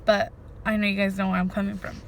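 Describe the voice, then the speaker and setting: A woman's voice: medium pitch, fast, a little hiss or hum. A woman vlogger telling a story to her viewers in a casual, emphatic way, often saying "freaking" and speaking to them directly. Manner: animated, emphatic, says "freaking" a lot.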